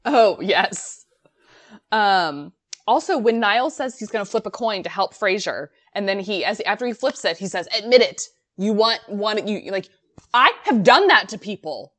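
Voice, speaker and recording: Woman podcast co-host, casual and chatty, laughs a lot, mid-pitched voice. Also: sing-song, moderate pace, a bit bright. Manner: chatty, laughs often, trails off. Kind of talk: casual chat reviewing a sitcom episode.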